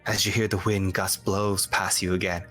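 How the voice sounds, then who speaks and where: A man narrating as game master in a tabletop game, with slow, descriptive storytelling that halts on fillers. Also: sits low, flat delivery, pushed and bright, faint music behind.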